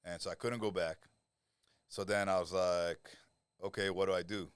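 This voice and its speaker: A man's voice: low voice, steady tone, normal speed, clear, resonant tone, no room sound. A man in his forties, a podcast guest, tells his life story in blunt, profane street talk. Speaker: interview guest. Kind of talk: storytelling interview. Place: podcast studio.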